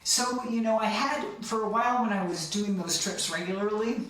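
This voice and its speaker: A woman's voice: medium pitch, moderate pace, a bit bright. A middle-aged woman guest chatting casually and enthusiastically, laughing often and trailing off mid-sentence. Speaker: podcast guest. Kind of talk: casual chat. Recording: echoey, distant from the mic.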